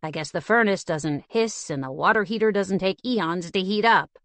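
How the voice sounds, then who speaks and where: A woman's voice: on the low side, normal speed, fairly bright tone, dry recording, close to an everyday voice. A woman voicing a young, wisecracking heroine who talks casually and asks blunt questions. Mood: wry.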